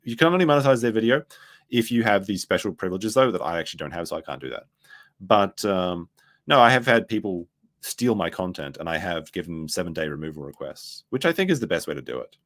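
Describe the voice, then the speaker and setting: A man's voice: sits low, sing-song, fast talker, a bit bright. A man giving casual commentary, rambling and profane, losing his train of thought as he talks. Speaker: commentary streamer.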